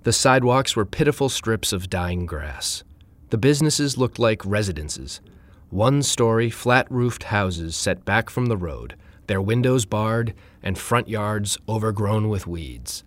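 A man reading a first-person story aloud in a wry, deadpan way. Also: fairly low pitch, a little slow, no room sound. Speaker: narrator.

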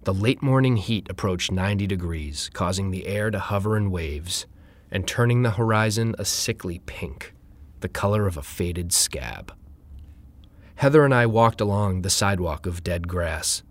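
A man reading a first-person story aloud in a wry, deadpan way. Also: deep voice, normal speed. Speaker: narrator.

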